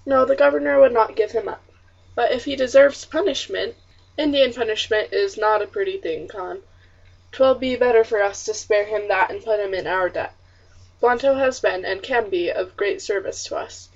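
A woman voicing a calm, reassuring colonial father who explains things in a steady, measured way. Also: mid-range voice, vocal fry. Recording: distant, muffled audiobook recording.

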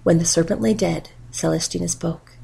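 A woman reading a storybook aloud in a steady, quiet narration. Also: fairly low pitch, moderate pace, gravelly, breathy edge, low-quality recording.

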